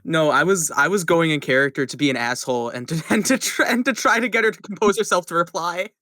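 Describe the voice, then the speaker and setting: Male player, halting, sighing delivery, dry mic. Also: on the high side, pushed and bright, no room sound. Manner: halting, sighing, many restarts. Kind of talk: casual tabletop role-play.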